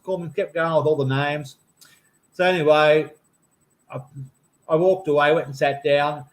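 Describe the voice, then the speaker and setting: A man's voice: a little high, steady tone, normal speed, long pauses. A man with an Australian accent, rambling through a story in casual chat over a call, saying "mate" a lot. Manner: rambling, blokey, says "mate" often. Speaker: campaign volunteer.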